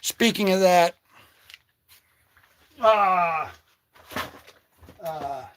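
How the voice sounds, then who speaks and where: An excitable man hosting a casual comic book vlog, joking and slangy as he talks through his comics. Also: high voice, very slow, a little hiss or hum. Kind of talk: casual livestream commentary.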